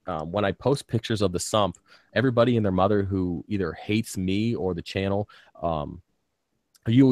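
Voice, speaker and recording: Deep-voiced man rambling on a live stream. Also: a little mellow, no room sound. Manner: rambling, frequent ums and uhs, casual swearing. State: sore bitten tongue, slight lisp. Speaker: reef aquarium channel host.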